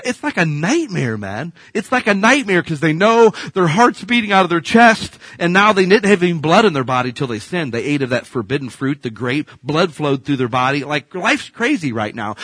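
Male pastor, sermon delivery, animated storyteller, bright and slightly high voice, dry recording. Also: dry recording. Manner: animated storytelling, swings from hushed to loud.

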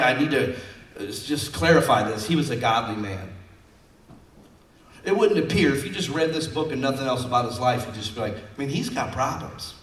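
Mixing scripture and personal anecdotes, a man preaches a folksy sermon in a church sanctuary. His voice is medium-pitched with a fairly bright tone, and the distant mic gives a roomy sound.

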